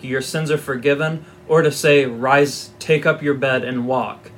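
A man's voice: mid-range voice, fairly bright tone, a little hiss or hum. A man giving an informal Bible teaching, reading scripture aloud and explaining it in a conversational, wry way with asides.

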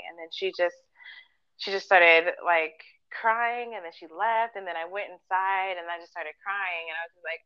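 A woman's voice: lowish voice, fairly even intonation, moderate pace, smooth, dry recording, muffled recording. A woman co-hosting a podcast, telling personal stories in casual chat, earnest and full of fillers, acting out what people said. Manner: earnest storytelling, many fillers and acted-out quotes. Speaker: podcast co-host.

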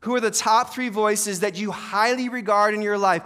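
A high-voiced man preaching to his church. He drops into soft, low, earnest stretches, then builds to loud, punchy exhortations that call the congregation to act. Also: steady tone, moderate pace, clean tone. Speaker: pastor. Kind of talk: sermon.

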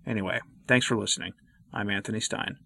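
A man hosting a Catholic commentary video, reading his scripted remarks in an earnest, measured way. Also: fairly low pitch, fairly even intonation, gravelly, pushed and bright, no room sound.

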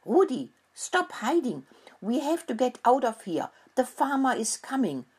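A woman's voice: lowish voice, animated, slow pace, a bit bright, breathy edge, exaggerated voice. A woman doing a boastful little boy mouse. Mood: urgent.

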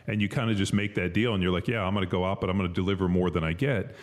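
A man's voice: sits low, steady tone, rapid-fire. A man, a former football player, co-hosting a podcast in casual, profane chat full of fillers. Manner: loose and profane, lots of fillers. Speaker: podcast co-host.

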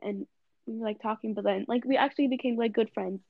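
A young woman with a fairly high voice tells a rambling story, giggling and packing her speech with "like." The sound is a bit dull and muffled. The recording is close and dry. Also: steady tone, fast talker, creaky, dry recording. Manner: giggly, lots of fillers like "like". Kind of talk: casual storytelling chat.

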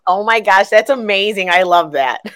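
Bright, gushing woman host. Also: medium pitch, moderate pace, no echo. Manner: gushing, eager fan questions. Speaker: podcast host. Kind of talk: casual interview chat.

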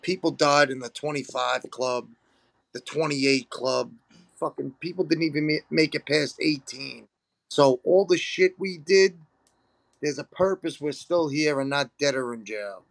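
Gravelly man in his thirties, emphatic. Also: on the high side, unhurried, no room sound. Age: 30s. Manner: emphatic, profane, calls others bro. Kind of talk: casual chat.

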